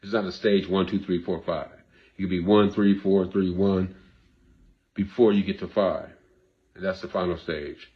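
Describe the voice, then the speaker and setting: Steady in tone and moderate in pace, the man's low-pitched voice comes through dull audio. Hosting a talk show in the role of a therapist, he delivers a casual monologue to camera, grieving, occasionally emotional, and repeating himself earnestly as a preacher would.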